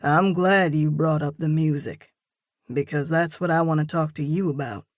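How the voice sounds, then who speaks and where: A woman reading an audiobook and voicing a grounded young man who talks in a calm, encouraging, lightly teasing way. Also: low voice, moderate pace, no room sound, clean studio sound, natural voice. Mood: coaxing. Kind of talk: audiobook dialogue.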